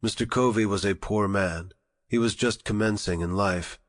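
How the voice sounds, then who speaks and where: A man narrating an audiobook in a measured, formal reading style. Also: fairly low pitch. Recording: long reverberant echo.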